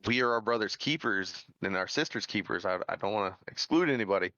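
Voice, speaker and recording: Candid kentucky guy guesting on a podcast, lowish voice, bright edge, kinda dull dry mic. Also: lively intonation, quick pace, no room sound. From central Kentucky.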